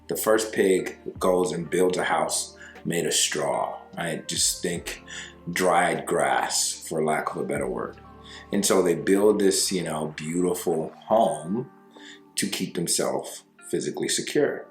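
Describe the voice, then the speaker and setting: A man with a very low voice, coaching listeners on breakups by telling them a story. He talks casually, with fillers, and slows down to stress key words. The sound is roomy, with soft music underneath. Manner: conversational, with fillers and slow emphasis. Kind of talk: storytelling advice monologue.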